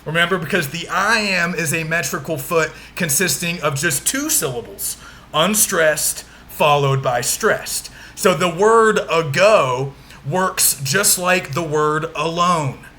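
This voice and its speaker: A man's voice: high voice, pushed and bright. A man teaching a literature lecture, patiently walking students through poetic meter and often checking in with them. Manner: patient, frequent check-ins, exaggerates stressed syllables when demonstrating. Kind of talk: recorded lecture walkthrough.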